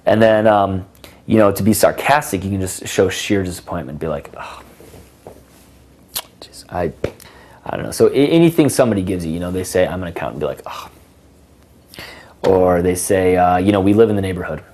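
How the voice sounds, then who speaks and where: A man's voice: low-pitched, brisk, a little mellow. A man teaching conversation tips in a casual, playful way, acting out sassy example lines. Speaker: dating coach. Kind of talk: casual instructional talk.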